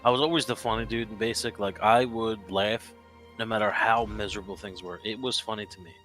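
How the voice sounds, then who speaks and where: Lively low-voiced man telling jokey stories. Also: fairly quick, soft background music. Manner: jokey storytelling, swears freely, laughs at himself. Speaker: streamer. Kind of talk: casual chat.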